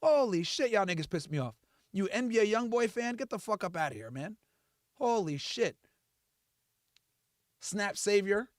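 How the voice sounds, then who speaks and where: A man with a high voice that swings widely as he rants through a livestream. He curses freely and mocks his critics with heat, and his voice sounds close and dry. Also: big pitch swings, moderate pace, long pauses, dry recording. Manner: profane, heated, mocking. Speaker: livestream host. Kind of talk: livestream rant.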